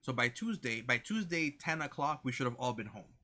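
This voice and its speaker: A man's voice: medium pitch, sing-song, fairly quick, sharp tone. A man co-hosting a casual chat, laying out plans step by step and repeating himself as he goes. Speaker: co-host of a reaction channel.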